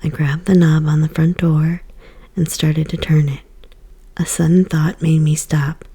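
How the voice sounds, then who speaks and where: A woman giving a soft, whispered ASMR book reading as storyteller. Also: sits low, level tone, measured pace, breathy edge.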